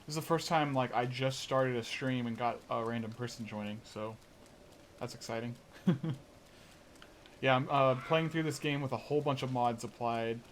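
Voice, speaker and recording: A man talking through a modded game on a live stream, loose and rambling, with plenty of "like" and restarts. His voice sits at an ordinary middle pitch, and a faint hiss lies underneath. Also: steady tone, moderate pace. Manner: rambling, chatty, many fillers and restarts. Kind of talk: casual live gameplay commentary.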